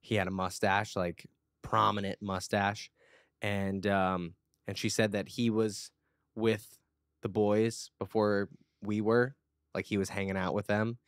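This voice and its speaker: Low-ish guy rambling earnestly on a podcast, lots of likes and ums, dry close mic. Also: little pitch movement, a little slow, no room sound. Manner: earnest, rambling, many fillers. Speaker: podcast co-host. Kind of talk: casual chat.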